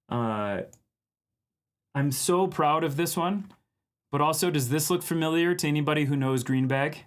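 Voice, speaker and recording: A man from Minnesota hosts a casual art live stream, talking with viewers as he works. His voice sits a little high, and he laughs often and reads chat messages aloud.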